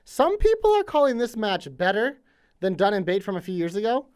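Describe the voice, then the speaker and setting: A man's voice: high-pitched, animated, fairly quick, clean tone. A young man co-hosting a wrestling podcast, chatting casually and leaning on "literally" and "like.". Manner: chatty, says "literally" and "like" a lot. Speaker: podcast co-host. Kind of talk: casual chat.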